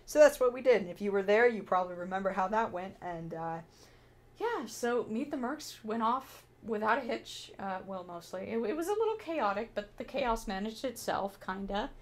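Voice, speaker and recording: A woman's voice: medium pitch, normal speed. Chatty young woman telling convention stories. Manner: chatty, animated, with frequent fillers and quoted dialogue. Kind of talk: casual storytelling vlog.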